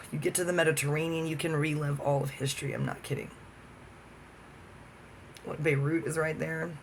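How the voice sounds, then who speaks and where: A man's voice: on the high side, steady tone, moderate pace, creaky, long pauses, slight background noise. A man talking alone to the camera in a rambling, profane monologue that jumps from topic to topic. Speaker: vlogger.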